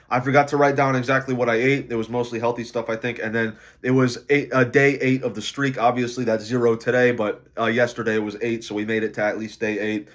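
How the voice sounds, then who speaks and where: Drained from lack of sleep, a tired man records a casual diary vlog about losing weight. His middle-pitched voice is low on energy, and he rambles along with lots of fillers.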